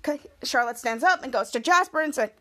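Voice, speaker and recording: A young woman hosting a podcast, eagerly recapping a TV episode and acting out the characters' lines. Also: fairly quick. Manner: energetic, acts out quoted lines with rising pitch. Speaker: podcast host.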